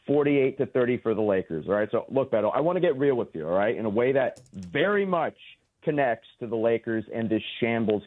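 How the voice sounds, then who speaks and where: A man's voice: mid-range voice, no room sound. Earnest man calling in on a tinny phone line. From Los Angeles. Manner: earnest, emphatic, rambling storyteller. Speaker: caller. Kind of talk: call-in radio chat. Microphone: phone call.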